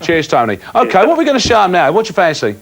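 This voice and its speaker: A man's voice: high voice, wildly swooping pitch, racing, creaky. A man presenting a live cable TV phone-in, full of jokey banter and mock bluster.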